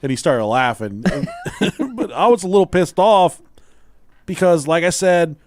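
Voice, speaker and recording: A man's voice: sits high, lively intonation, a little slow, a little mellow. A man hosting a podcast, telling a rambling childhood story in casual chat, swearing freely and laughing as he goes. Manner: profane, laughs through his own story. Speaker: podcast host.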